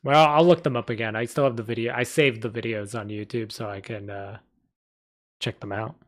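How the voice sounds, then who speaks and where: A man's voice: lowish voice, fairly even intonation, brisk, a bit bright. A young man casually chatting on a live stream, rambling with lots of fillers. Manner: rambling, filler-heavy, laughs often. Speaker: streamer reading a story live.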